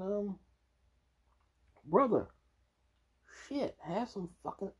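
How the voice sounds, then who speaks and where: A man's voice: on the high side, warm tone, breathy edge, highs cut off. A man reacting to a news clip with heated, profane ranting full of restarts. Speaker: video reactor. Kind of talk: casual reaction commentary.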